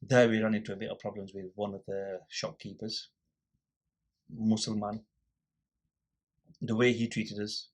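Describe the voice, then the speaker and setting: A man's voice: on the low side, a little slow, pauses often. A man guest on a podcast, casually telling a story and acting out the people in it. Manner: animated storyteller acting out quoted exchanges.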